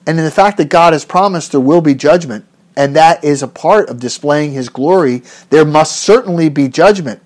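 A man's voice: a little high, moderate pace, darkish tone. A man preaching an expository sermon in an earnest, emphatic way, rising on rhetorical questions and often restarting his phrases.

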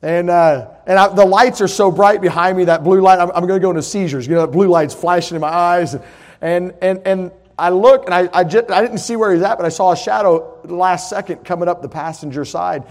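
A middle-aged man, preaching in a high voice. He tells homespun stories in a folksy way and then rises to loud, emphatic declarations. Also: a little fast. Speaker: pastor. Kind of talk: sermon with personal story.

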